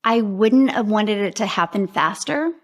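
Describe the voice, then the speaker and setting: A middle-aged woman, upbeat and emphatic, laughing often as she talks about her business and then pitches her program. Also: animated, measured pace. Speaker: program founder and presenter. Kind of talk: interview then sales pitch.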